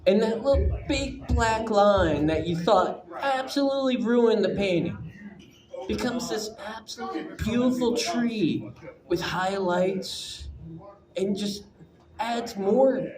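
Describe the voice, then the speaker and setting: A man speaking slowly as he tells a personal story to a live audience. He is animated and swears casually, stumbling through many restarts. His voice rings through an echoey room with a crowd audible. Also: high-pitched.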